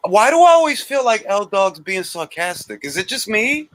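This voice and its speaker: Lively high-pitched man chatting about boxing. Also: normal speed. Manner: animated, repeats himself for emphasis. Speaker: boxing show co-host. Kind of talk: casual livestream chat.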